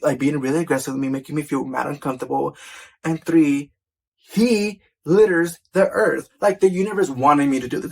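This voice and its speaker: Gravelly-voiced man telling a wild story. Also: medium pitch. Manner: animated, profane, filler-heavy with constant "like". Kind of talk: casual storytime.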